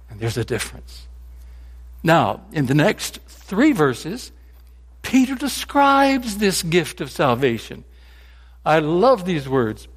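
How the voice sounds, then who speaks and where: Slow, husky preaching man in a hall. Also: a little high. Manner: animated preaching with joke anecdotes. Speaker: pastor. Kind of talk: sermon. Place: church sanctuary. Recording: long reverb in a large hall.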